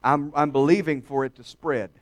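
A male pastor delivers a sermon with a high-pitched voice. He drops to hushed, confiding tones, then builds to loud, emphatic declarations for the congregation. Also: steady tone, moderate pace. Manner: dramatic, swings from hushed to shouting.

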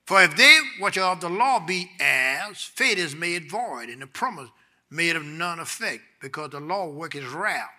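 A man, preaching a sermon with call-and-response, moving between quiet Bible teaching and loud exhortation. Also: on the high side, lively intonation, moderate pace. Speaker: pastor.

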